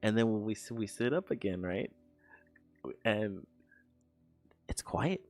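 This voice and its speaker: A man's voice: fairly low pitch, expressive, a little slow, no echo, soft background music. A young man streaming while he works on an animation, chatting casually, rambling, laughing and swearing as he tells stories.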